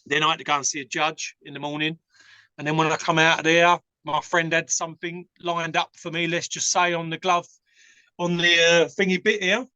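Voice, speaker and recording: A podcast guest from England with an Essex accent tells casual stories in a frank, rambling way, using many fillers. His fairly high voice is level, sharp and clean at a moderate pace, with no echo, though the recording is muffled.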